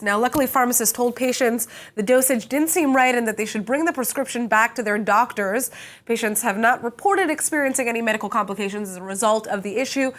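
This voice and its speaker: A woman's voice: a little high, fairly bright tone. A woman anchoring a news show, reading stories and chatting with a reporter in an upbeat, conversational way. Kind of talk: studio news presenting and chat.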